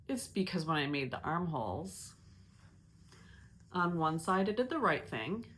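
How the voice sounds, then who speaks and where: Woman host, low-ish voice, casual self-mocking chatter with frequent restarts. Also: sing-song, a little slow, pauses often, a bit bright. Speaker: knitting podcast host. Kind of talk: casual chat.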